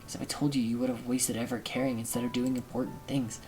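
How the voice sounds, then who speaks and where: A shy, sad teenage girl from a visual novel speaks in a quiet, subdued way, as a man reads her lines aloud. Her words come out soft and fragile. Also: medium pitch, little pitch movement, fast talker, soft background music, lightly acted, rough recording. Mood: hurt, subdued. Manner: quiet, subdued, hurt reading. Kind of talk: reading game dialogue aloud.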